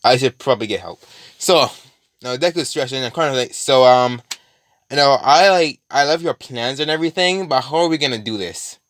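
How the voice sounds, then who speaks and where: A man's voice: mid-range voice, expressive, normal speed, a bit bright, no room sound. A man casually retelling a fan story in a rambling, profane way, full of fillers and restarts.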